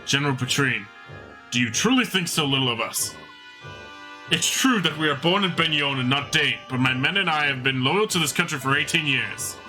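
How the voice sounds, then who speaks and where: Loyal veteran commander in a game reading , a man putting him on: low, bright, dignified. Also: animated, soft background music, low-quality recording. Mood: grave. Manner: grave, measured, dignified. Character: solemn loyal older male commander.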